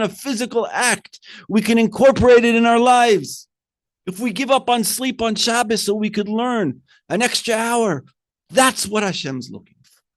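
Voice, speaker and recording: In a high-sitting male voice, a rabbi teaches on the Torah, mixing Hebrew terminology with rhetorical questions. He alternates between gentle and loud emphasis.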